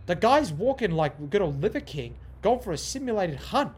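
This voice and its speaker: A man's voice: high-pitched, very animated, normal speed, few pauses, slightly rough. A young man hosting a podcast, talking in a loose, profane, rambling way that repeats itself and wanders off on tangents. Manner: profane, repetitive, goes off on tangents. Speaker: podcast host. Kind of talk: casual rambling monologue.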